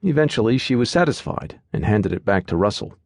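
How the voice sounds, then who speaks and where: A man reading an audiobook in a steady, measured storytelling manner. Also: lowish voice, creaky, dry recording, clean studio sound. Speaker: audiobook narrator. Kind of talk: scripted narration.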